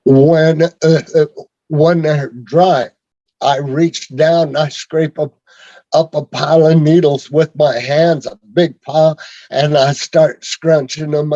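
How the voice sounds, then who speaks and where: A man telling his own story on a video call in a rambling, halting way, with many fillers and restarts. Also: a little high, warm tone, no room sound. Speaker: speaker sharing his story. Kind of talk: rambling personal testimony. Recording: dull lo-fi video call audio.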